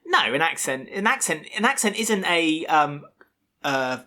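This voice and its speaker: A man's voice: on the high side, big pitch swings, unhurried, pushed and bright. A man with an English accent co-hosting a podcast in casual, opinionated chat, laughing often. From England. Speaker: podcast co-host.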